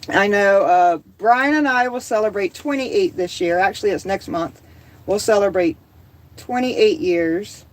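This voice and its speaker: A woman's voice: medium pitch, a little slow, rough recording. Chatty Southern woman hosting a livestream. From American South. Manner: chatty, reads viewer comments aloud, laughs easily. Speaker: livestream host. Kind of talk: casual livestream chat.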